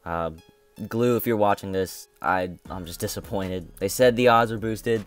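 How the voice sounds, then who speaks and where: A man's voice: fairly low pitch, moderate pace, smooth, faint music behind. A young man hosting his own gaming channel, commentating a mobile game box opening in a frustrated, complaining way and repeating himself.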